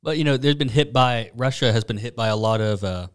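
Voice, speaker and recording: A man of middle pitch co-hosting a podcast. He tells a news story in a relaxed way, with fillers and chuckles. The chat is casual and comedic. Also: fairly quick, clear, resonant tone.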